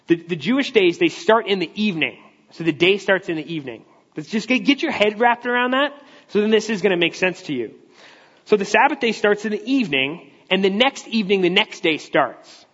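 A man preaching a sermon in a relaxed, conversational way. He explains each point at length, often restarting his sentences. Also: high voice, breathy edge. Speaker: pastor. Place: large church hall. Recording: echoey hall, dull lo-fi sound.

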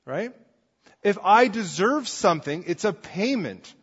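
A man's voice: high voice, expressive, a little slow, fairly bright tone, slightly rough. A man preaching a sermon in a conversational way, often checking in with his listeners. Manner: conversational, asks the congregation "right?" often. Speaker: pastor. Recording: dull sound with long hall reverb.

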